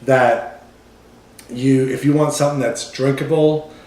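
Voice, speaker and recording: A man's voice: mid-range voice, fairly even intonation, measured pace, a little mellow. A man co-hosting a beer show, describing aroma and flavor in casual chat. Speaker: beer podcast co-host. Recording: echoey room with faint noise.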